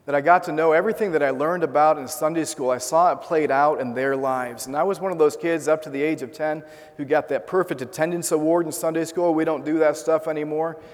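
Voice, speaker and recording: A man's voice: on the high side, steady tone, brisk, hardly any pauses, big-room sound. A man preaching a sermon, telling a story in an earnest way and asking his listeners rhetorical questions. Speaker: pastor.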